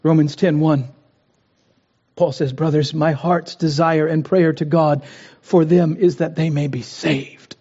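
A man's voice: fairly high pitch, fairly even intonation, unhurried, warm tone, slightly rough. Man, preacher, sermon, earnest, impassioned, long hall echo, muffled sound. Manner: earnest, rising to impassioned pleas. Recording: dull, roomy hall sound.

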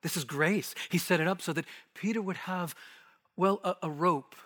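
A male preacher with a fairly high voice gives an expository sermon. He repeats phrases for emphasis and sinks to near whispers to make points land. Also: normal speed. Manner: emphatic, repetitive, with hushed drops for weight.

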